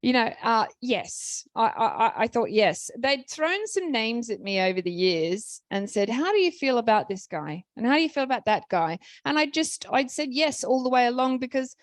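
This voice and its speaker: An Australian woman appearing as an author on a panel speaks in a slightly high voice with no echo. She tells lively anecdotes, acting out the people she quotes, and frequently restarts her sentences.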